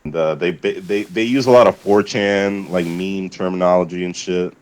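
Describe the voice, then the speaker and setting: Deep voiced us guy rambling on stream, swears a lot, laughs a bunch. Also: fairly even intonation, normal speed. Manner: rambling, profane, laughing often, many fillers. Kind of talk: casual chat.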